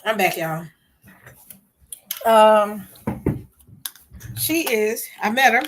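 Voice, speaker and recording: A woman's voice: mid-range voice, a little hiss or hum. A woman hosting a live stream, chatting casually and retelling a conversation to her listeners. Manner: chatty, addresses listeners as "y'all". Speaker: host.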